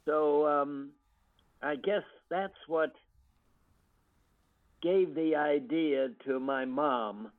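An older American man, a guest actor, reminiscing in an interview with unhurried storytelling full of ums and restarts. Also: on the high side. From United States. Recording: tinny phone-line audio.

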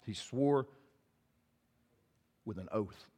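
Drawing out his words in a warm, lowish voice, this pastor delivers a conversational sermon. He reads scripture aloud, then explains it plainly and directly to his listeners.

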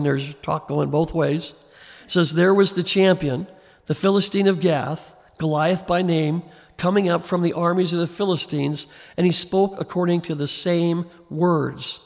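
Gravelly preacher in a reverberant hall. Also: male voice, on the high side, steady tone, moderate pace. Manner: conversational, rising to emphatic preaching. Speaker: pastor. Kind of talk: expository sermon.

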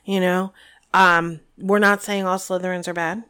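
A woman's voice: medium pitch, animated, normal speed, pushed and bright, smooth. A woman co-hosting a podcast, chatting casually and reading a book aloud with opinionated asides. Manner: chatty, opinionated, lots of fillers. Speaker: podcast co-host.

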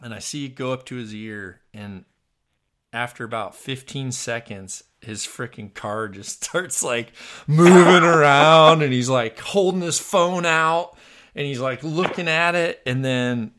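A man in the middle of a casual podcast chat, telling a road-trip story with lots of energy. He laughs often and bounces between his own voice and the voices of his friends. His voice sits at an ordinary pitch. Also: unhurried. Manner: animated storyteller, laughs often, acts out quotes. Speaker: podcast host.

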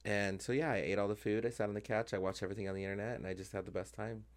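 A man's voice: lowish voice, steady tone, rapid-fire. A man hosting a podcast in casual chat, talkative with frequent fillers and easy laughs. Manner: chatty, many fillers, laughs often. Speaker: podcast host and drag performer.

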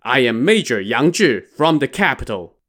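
A man's voice: mid-range voice, sing-song, moderate pace, a bit bright. A man voicing a proud outlaw army officer in a terse, self-assured way, close to his own voice.

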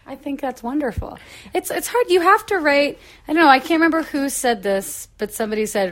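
A woman's voice: high voice, animated, fairly quick, fairly bright tone. A woman hosting a podcast, chatting casually and supportively with her guest in a rambling way. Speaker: podcast host. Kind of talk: casual interview chat.

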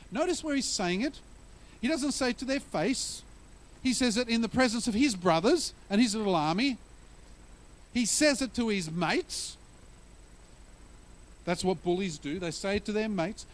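A man's voice: high voice, lively intonation, normal speed, pauses often. A male pastor preaching a sermon in a conversational way, telling stories and using humor to explain scripture.

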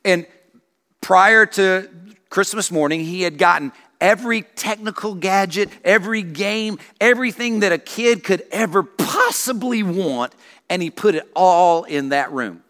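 A male senior pastor preaching a sermon, telling stories in an animated way. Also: sits high, measured pace. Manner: animated storytelling with acted voices. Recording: long reverb of a church hall.

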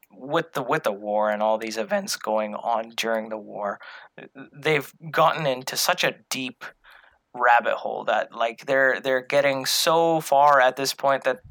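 A man in a relaxed conversation, his voice bright and a little forceful. He rambles, circling back with fillers and restarts. The recording is dry and close. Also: mid-range voice, dry recording, poor audio. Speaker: podcast co-host. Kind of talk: casual fan discussion.

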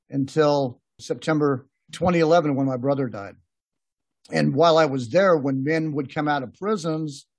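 A man's voice: a little high, darkish tone, husky, dry recording. A man hosting a podcast, telling rambling, laughing anecdotes in a casual chat with many restarts. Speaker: podcast host. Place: podcast room.

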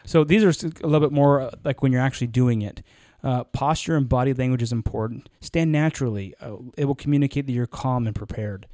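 A man co-hosting a podcast in casual chat, animated and rambling, with lots of fillers and restarts. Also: medium pitch, quick pace, hardly any pauses, no room sound, clean studio sound. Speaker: podcast co-host.

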